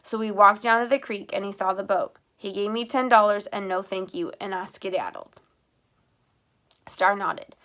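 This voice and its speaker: A woman narrates an audiobook with lively storytelling and quick switches between characters. Her voice is mid-pitched for a woman. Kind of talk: scripted narration.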